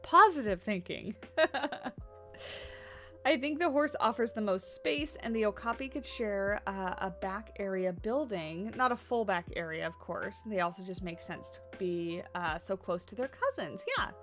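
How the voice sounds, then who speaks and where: A woman's voice: medium pitch, unhurried, a bit bright, soft background music. A woman livestreaming a game from her home office, chatting casually and cooing at her dogs. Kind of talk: casual livestream commentary while playing. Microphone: USB condenser desk mic.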